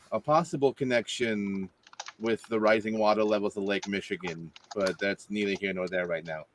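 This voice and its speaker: A man playing his character in a tabletop game, friendly and halting with repeated restarts. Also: on the low side, a bit bright, slight background noise. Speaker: player. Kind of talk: in-character tabletop role-play.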